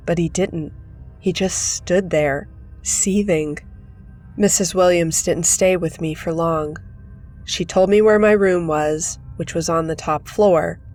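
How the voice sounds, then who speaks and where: A woman reading a horror story aloud in measured, steady scripted narration. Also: on the low side.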